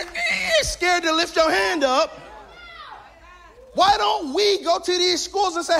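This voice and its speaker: A man pastor preaching a lively sermon, shouting his key points and mixing in jokes. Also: extremely high pitch, a little slow, vocal fry, some chatter behind. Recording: long hall reverb.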